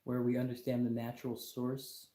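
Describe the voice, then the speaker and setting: A man's voice: medium pitch, monotone, normal speed, mellow, roomy sound. A man hosting a casual livestream, talking in an emphatic, exasperated rant with lots of repetition. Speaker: livestream host.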